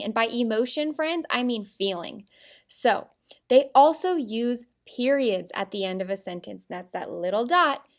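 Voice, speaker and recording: A woman teacher giving an animated, expressive writing lesson to young children. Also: fairly high pitch.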